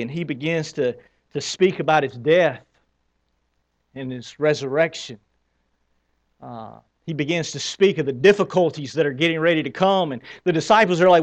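A man's voice: a little high, normal speed. A male pastor preaching an Easter sermon in a conversational way, asking the congregation questions as he moves about the stage.

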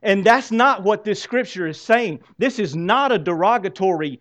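A man preaching a sermon as pastor, swinging from loud exclamations to hushed, drawn-out lines. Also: sits high, lively intonation, lo-fi sound.

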